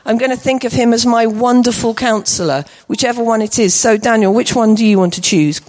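Bright-voiced woman worship leader, warmly cheering on the children, higher than usual. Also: brisk. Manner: encouraging, upbeat praise. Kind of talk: leading a church children's song session.

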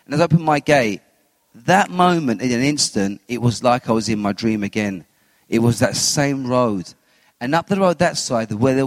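A man giving a personal faith testimony as an interview guest, telling his story with animated retellings of what he said and thought. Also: mid-range voice, no echo, big-room sound. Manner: animated storyteller who acts out his own quotes.

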